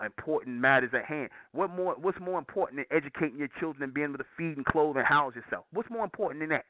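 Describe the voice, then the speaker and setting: A man's voice: on the high side, no echo. A man hosting a call-in show, lecturing his listeners in an emphatic, repetitive way. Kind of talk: preachy call-in monologue. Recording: tinny phone-like line.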